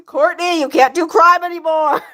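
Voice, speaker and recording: A woman's voice: very high voice, fairly even intonation, measured pace, bright, forceful tone, heavily acted. A woman voicing an exasperated cat mother who scolds her kid. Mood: scolding.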